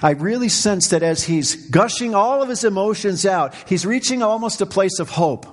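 A middle-aged man preaching a sermon as pastor, swinging from quiet, low passages to fervent, raised cries. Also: expressive, moderate pace.

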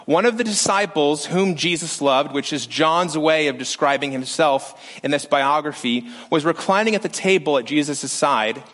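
A male pastor preaching a sermon, animated and lively, acting out quotes from scripture with shifts in pitch. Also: moderate pace, few pauses.

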